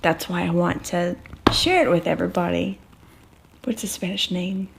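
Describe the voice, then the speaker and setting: A woman's voice: fairly low pitch, steady tone, moderate pace, vocal fry, noisy background. A young woman co-hosting a casual vlog, teasing her partner playfully with lots of laughter. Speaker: vlog co-host. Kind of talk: casual chat.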